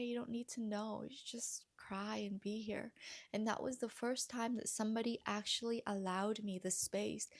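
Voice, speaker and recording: Gentle vlogger woman with a creaky voice. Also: mid-range voice. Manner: gentle, earnest, often drops to a soft near-whisper. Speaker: vlogger and healing coach. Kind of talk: heartfelt personal talk to camera.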